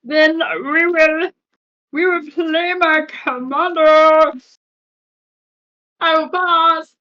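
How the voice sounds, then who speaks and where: A woman putting on a loud silly squeaky voice. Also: fairly even intonation, extremely slow, highs cut off, exaggerated voice. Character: silly loud high-pitched funny voice.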